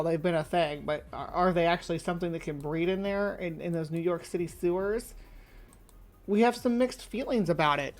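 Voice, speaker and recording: Lady host chatting on her stream, kinda low voice, lots of uhs. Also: darkish tone. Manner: chatty, hesitant with fillers. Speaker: channel host. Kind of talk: casual livestream chat.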